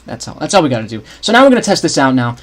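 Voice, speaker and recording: A young man livestreams while scripting his game map, casually thinking aloud, restarting often, and chatting with viewers. His voice is fairly high and very animated, delivered rapid-fire.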